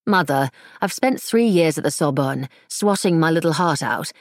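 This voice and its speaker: A woman's voice: low voice, animated, moderate pace, no room sound, clean studio sound. A woman voicing a stubborn nineteen-year-old student who answers back wryly. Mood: defiant. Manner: stubborn, wry.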